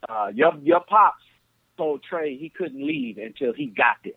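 A man from Flint, Michigan, telling stories as a podcast guest over the phone, animated and acting out the people in them. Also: on the high side, a little slow, creaky, slightly rough, dry recording. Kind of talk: casual storytelling on a podcast. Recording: tinny phone line.

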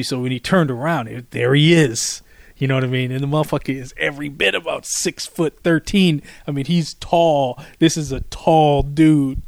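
A man's voice: mid-range voice, no room sound, studio quality. Chatty man telling a rambling story. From Washington, D.C. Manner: rambling, repeats himself, animated storyteller. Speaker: podcast host. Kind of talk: casual solo storytelling.

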